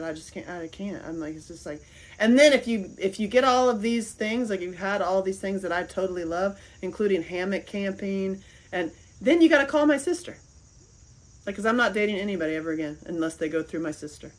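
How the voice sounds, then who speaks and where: A woman's voice: mid-range voice, low-quality recording. Giggly woman chatting to her viewers. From American South. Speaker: livestream host. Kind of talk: casual livestream chat reading comments.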